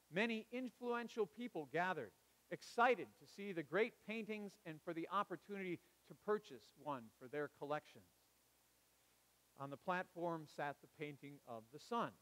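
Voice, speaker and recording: A man preaching a sermon, telling a story in a measured, dramatic way. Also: on the high side, fairly bright tone, big-room sound. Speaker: pastor. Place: church sanctuary.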